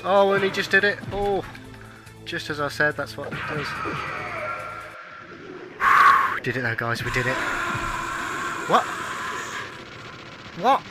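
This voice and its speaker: A man streaming a game live, excitable, swearing and exclaiming at what happens on screen. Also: fairly high pitch. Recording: game music playing under the voice.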